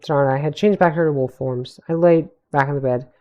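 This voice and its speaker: A man's voice: fairly high pitch, brisk, dull audio. A young man reads his own fantasy tale aloud on a home stream, speaking into a desk mic. He trips over words, backs up to correct himself, and breaks off for small asides. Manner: stumbling, self-correcting reading with asides. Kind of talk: live read-through of a fantasy story.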